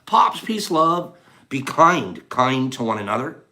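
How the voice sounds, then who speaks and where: A middle-aged man hosting a livestream, rapidly thanking viewers by name in a warm, effusive way. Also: mid-range voice, sing-song. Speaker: livestream host. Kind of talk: casual livestream sign-off.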